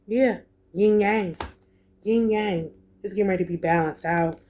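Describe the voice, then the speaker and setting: A woman's voice: mid-range voice, a little slow, dark tone, a little hiss or hum. A woman giving a spiritual tarot reading to viewers, emphatic and profane, repeating herself and calling listeners baby and collective. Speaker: tarot reader.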